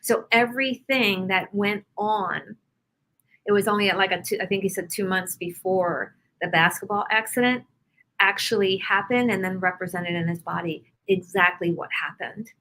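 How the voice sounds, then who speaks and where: A woman guest on an interview show, a healer, talking casually and telling stories about her clients with lively examples. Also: medium pitch, normal speed, low-quality recording. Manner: animated storyteller, explains with examples.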